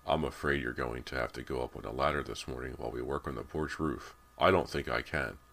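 A man's voice: rumbling low, steady tone, brisk, creaky, fairly bright tone, full character voice. A man voicing an easygoing middle-aged father.

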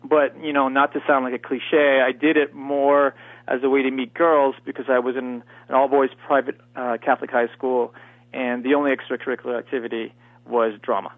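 A man's voice: mid-range voice, little pitch movement, brisk, no room sound. A native French-speaking man from Canada, a guest actor chatting casually in an interview with many fillers and restarts. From Canada, near Montreal. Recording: tinny phone line, dry.

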